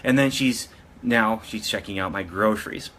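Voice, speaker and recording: Man, casual storytelling vlogger, slightly low voice, crisp forceful tone, rambling with restarts. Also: normal speed, a little hiss or hum. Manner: rambling, with frequent restarts and self-corrections.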